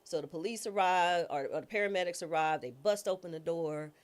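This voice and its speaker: A woman guest recounts a personal story with a low, grounded voice that stays in the lower register. She talks in a casual, informal way. She slips into other people's voices when quoting them as she tells the story. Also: fairly quick. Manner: lively storyteller who acts out quoted voices. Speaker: guest, former judge and trial attorney.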